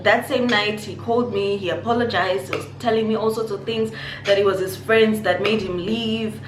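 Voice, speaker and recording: A young woman from Zimbabwe telling a personal story on her vlog, animated and acting out what people said. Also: mid-range voice, moderate pace. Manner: animated storytelling, acts out quotes. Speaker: YouTuber. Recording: echoey room, faint noise.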